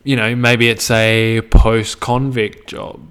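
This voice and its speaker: A man's voice: mid-range voice, flat delivery, slow pace, a bit bright, smooth. A young Australian man talking straight to camera in a loose, rambling monologue, swearing freely and often trailing off mid-thought. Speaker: vlogger.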